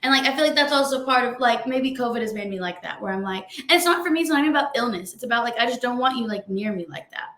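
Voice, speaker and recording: A woman's voice: on the high side, animated, quick pace, few pauses, fairly bright tone, reverberant, slight background noise. A young woman, co-hosting a podcast and chatting bluntly, full of "like". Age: young adult. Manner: chatty, blunt storytelling with lots of "like". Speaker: podcast co-host. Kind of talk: casual chat.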